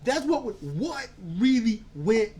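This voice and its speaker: A podcast co-host in a casual movie-review chat, telling stories in an animated way and acting out quotes. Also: mid-range voice, measured pace. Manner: animated storyteller, acts out quotes; casual, swears freely.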